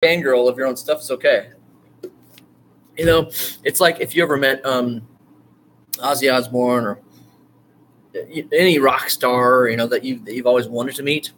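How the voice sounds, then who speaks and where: A man teaching an online writing course in a loose, rambling way, full of fillers and restarts, now and then bursting into eager excitement. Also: mid-range voice, moderate pace, long pauses, a little hiss or hum. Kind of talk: casual screen-share lecture.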